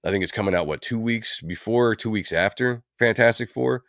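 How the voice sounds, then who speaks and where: On his livestream, a man rambles casually and at length about comic book films, using plenty of fillers. His voice is lowish, fairly quick, and a bit bright, captured as a dry, clean studio recording.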